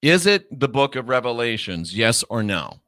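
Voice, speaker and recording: A man hosting his own online show, delivering a scornful, lecturing monologue and stretching key words out slowly for emphasis. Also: mid-range voice, sing-song, bright, forceful tone, no room sound, clean studio sound.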